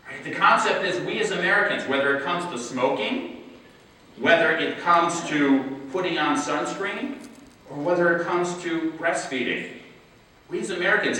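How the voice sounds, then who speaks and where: A man giving a conference keynote as a public health official, rhetorical and emphatic, often asking the audience "right?" and slowing to stress key words. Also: fairly high pitch, pushed and bright. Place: large conference hall. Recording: echoey hall, voice from far off.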